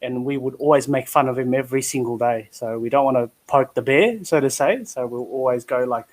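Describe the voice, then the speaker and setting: An Australian man chatting casually in an online community hangout. He tells rambling, self-deprecating stories and often stumbles and restarts his sentences. His voice sits at an ordinary mid pitch. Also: fairly quick, hardly any pauses. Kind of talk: casual chat.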